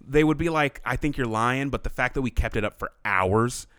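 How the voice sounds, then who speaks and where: A man's voice: medium pitch, a little fast, clean tone, no echo, studio quality. A man co-hosting a podcast, telling stories in a casual chat, with lots of fillers and swearing. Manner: animated storyteller, swearing, frequent fillers. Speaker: podcast co-host.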